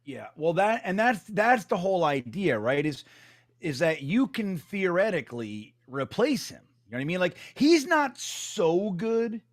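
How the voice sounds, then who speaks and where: A man's voice: high voice, very animated, unhurried, no echo, clean studio sound. A man co-hosting a live stream, rambling and joking in loose banter with some swearing. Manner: rambling, swears, laughs often. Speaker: co-host. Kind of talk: casual banter.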